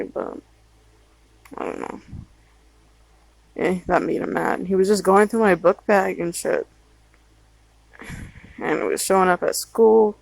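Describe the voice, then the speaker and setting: A woman's voice: lowish voice, vocal fry, no room sound, poor audio. Rambling, cussing woman telling a story. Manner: rambling, swears often, trails off. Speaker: vlogger. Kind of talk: casual storytime.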